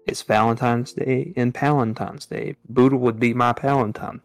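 A man with a gravelly, creaky voice chats casually with friends. His pitch sits in an ordinary middle range, and he jokes in an easygoing way. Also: steady tone, normal speed, no room sound, clean studio sound, soft background music. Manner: joking, easygoing. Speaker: co-host. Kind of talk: casual group chat.

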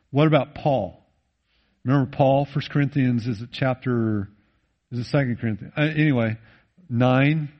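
A male pastor preaching a sermon, swinging between loud emphatic rises and low, intimate drops, and slowing down to read scripture. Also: highs cut off. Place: church.

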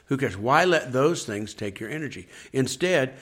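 A man's voice: medium pitch, expressive, normal speed, a bit bright. A man who is a pastor, talking earnestly on a faith podcast, repeating his points and acting out people's complaints. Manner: earnest, repetitive preaching with acted-out complaining quotes.

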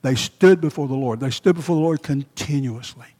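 Man, pastor, preaching, emphatic, repeats lines, mellow tone, long church reverb. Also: medium pitch, fairly quick. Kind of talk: sermon.

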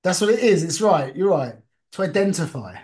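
A man with a high, slightly mellow voice teaches an informal Torah class, speaking animatedly and a little fast. He talks conversationally, asks the group questions, and mixes Hebrew and Yiddish terms into his English.

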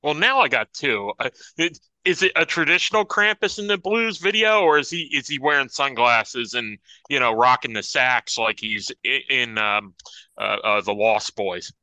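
A man's voice: medium pitch, animated, moderate pace, sharp tone, no room sound, low-quality recording. A man co-hosting a casual chat, joking and asking guests questions. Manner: jokey, asks questions. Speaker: co-host.

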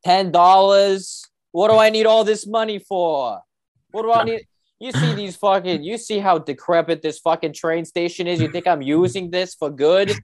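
A young man putting on a foul-mouthed transit worker with a thick Boston accent. He bellows at a raised pitch, swearing and insulting. The sound is dry and close. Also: fairly even intonation, fast, few pauses, dry recording, close to an everyday voice. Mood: angry ranting. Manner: yelling, cursing, insulting.

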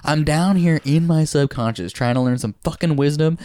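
A man's voice: on the high side, rapid-fire, no echo, clean studio sound, voice pushed up, close to an everyday voice. A man playing a weary, exasperated male dreamer who rants and swears heavily. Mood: furious. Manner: ranting, heavy swearing.

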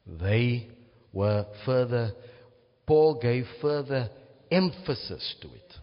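A man's voice: medium pitch, expressive, slow. A man preaching a teaching sermon, often checking in with his listeners. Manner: teaching, asks "right?" to check understanding. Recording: muffled, reverberant hall.

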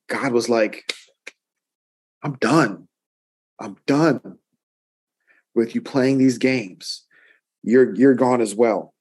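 A man's voice: mid-range voice, darkish tone, husky. A male pastor teaching through a Bible chapter in a conversational way, often checking in with listeners and building emphasis through repetition. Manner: conversational, checks in with "right?" and stacks emphatic repeats.

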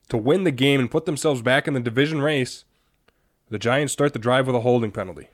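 Animated young man ranting about football. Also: medium pitch, brisk. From Wisconsin. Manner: animated, laughing, exasperated. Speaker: sports podcast host. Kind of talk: casual sports talk.

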